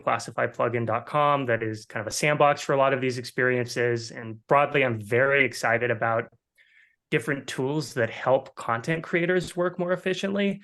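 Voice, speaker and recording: A man's voice: medium pitch, a bit bright. Businesslike man on a panel call. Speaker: agency marketing executive. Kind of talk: webinar panel introduction.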